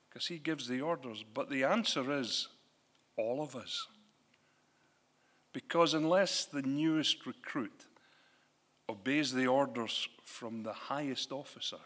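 Male preacher, lively conversational delivery, bright tone, reverberant hall. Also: mid-range voice. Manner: animated, conversational preaching with rhetorical questions. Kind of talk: sermon.

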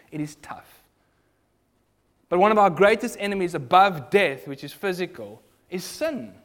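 A man preaching a sermon, earnest, moving between loud emphasis and hushed asides. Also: on the high side.

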